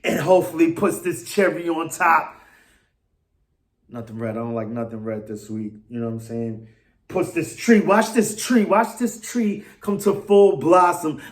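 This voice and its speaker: A man ranting casually to camera as a sports fan vlogger, excitable and rambling, with slang and restarts. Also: high voice.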